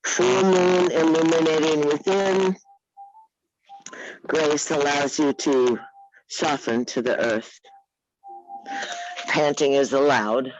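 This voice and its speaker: A woman teaching a live yoga class, giving unhurried, coaxing cues and teasing her students by name. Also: low voice, fairly even intonation, lo-fi sound, a little hiss or hum. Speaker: yoga instructor.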